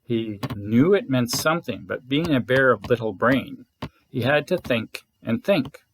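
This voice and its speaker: A man who leads a scout group, reading a bedtime story aloud in a gentle, expressive way. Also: medium pitch, measured pace, noisy background. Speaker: scout leader.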